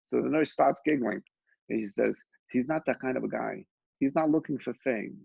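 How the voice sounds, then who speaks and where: Gravelly man teaching Torah, lo-fi. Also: medium pitch, moderate pace, a little mellow, no echo. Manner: conversational, with frequent restarts and quoted dialogue. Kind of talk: informal Torah class with storytelling.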